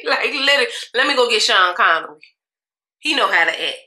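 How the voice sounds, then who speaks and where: A young beauty vlogger speaks briskly in a fairly high, sharp voice with big pitch swings. Getting ready, she chats sassily to viewers and laughs often in this casual get-ready-with-me, recorded in an echoey room.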